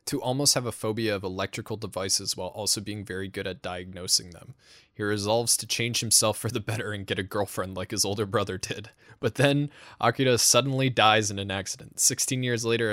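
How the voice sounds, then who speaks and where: A man's voice: on the low side, fairly bright tone, dry recording, studio quality. A young man co-hosting a casual podcast, laughing often and teasing his co-host.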